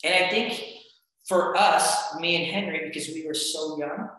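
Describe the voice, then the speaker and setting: Man, wrestling coach, bright voice, rambling with fillers, heavy room echo. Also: a little high, measured pace. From United States. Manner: relaxed, rambling, frequent fillers and restarts. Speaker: wrestling coach and podcast guest. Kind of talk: casual interview storytelling. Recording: very echoey room.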